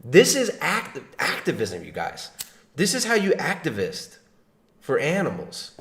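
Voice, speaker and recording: A man's voice: on the high side, wildly swooping pitch, a little slow, reverberant, background noise. A man hosting a livestream, giving mocking reaction commentary in a sarcastic, laughing way. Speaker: livestream host.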